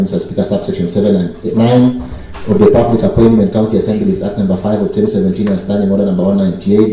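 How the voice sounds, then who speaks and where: A man from Kenya delivers a formal committee report in a county assembly, working "Mister Speaker" into nearly every phrase. His voice is low and dark. He sits back from the microphone in a very echoey chamber. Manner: repeats 'Mister Speaker' constantly, formal and deliberate. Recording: echoey chamber, distant mic.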